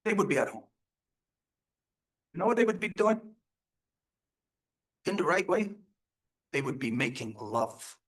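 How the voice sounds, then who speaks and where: Man teaching with lively emphatic delivery. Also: a little high, unhurried, pauses often. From Turtle Island. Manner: emphatic, rhetorical, asks the audience questions. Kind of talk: live teaching talk to an audience.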